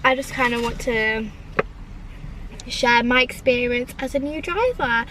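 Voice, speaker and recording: A young woman vlogger sits in her parked car, chatting casually and rambling with plenty of "like"s. Her voice is fairly high and her pace measured, with a noisy background.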